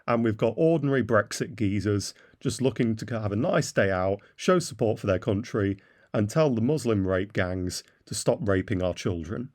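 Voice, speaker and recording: A man giving a blunt, derisive opinion monologue as a commentator, with frequent "uh" fillers. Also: on the low side. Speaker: political commentator.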